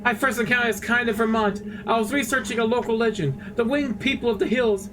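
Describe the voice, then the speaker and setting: Man doing a desperate trapped brain in a machine, pleading, anguished, very high voice, steady background noise. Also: a little fast, far from the mic.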